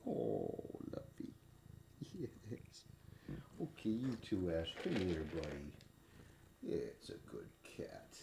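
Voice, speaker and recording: A low-voiced man with a gravelly, fried edge talks unhurriedly at home as he hands out treats to his cats. He coos and baby-talks to them, his voice swooping widely, and chuckles now and then between lines. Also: wildly swooping pitch, slow pace, pauses often, background noise. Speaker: vlogger. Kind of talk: casual talk while feeding pets. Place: home indoors.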